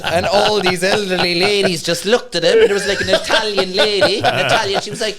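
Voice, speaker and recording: An Irish man tells stories in a casual podcast interview, animated and acting out voices. His voice sits a little high. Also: a little fast, a loud crowd. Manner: animated storyteller, acts out voices. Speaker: comedian guest.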